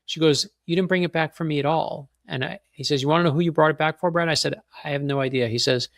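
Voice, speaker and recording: A man, a guest on a show, telling a long personal story in a fast, animated way and acting out the other people in it. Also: a little high, no room sound, clean studio sound. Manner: excited, fast anecdote with quoted voices. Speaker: guest author.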